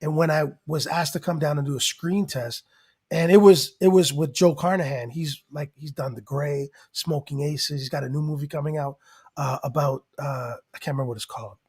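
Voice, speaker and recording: A man telling a long story in casual chat, excitable and rambling, acting out what people said. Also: on the high side, brisk, slightly rough. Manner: excitable, rambling, acts out quotes. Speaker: guest rapper and actor.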